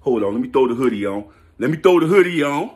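A man vlogging a hyped, slangy football rant, laughing and repeating himself in his excitement. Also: medium pitch, fast talker, noisy background. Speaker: sports vlogger.

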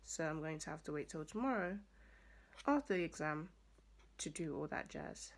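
A young woman, a student, talking casually to the camera in a rambling vlog, with lots of fillers and a rough, hoarse voice. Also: deep voice, lively intonation, moderate pace. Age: young adult. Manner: chatty, rambling with many fillers. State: hoarse morning voice. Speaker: student vlogger.

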